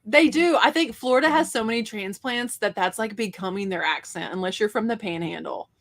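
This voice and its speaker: A woman's voice: medium pitch, a little fast, fairly bright tone. Chatty Southern woman hosting a livestream. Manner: chatty, reads viewer comments aloud. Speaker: livestream host. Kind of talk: casual livestream chat.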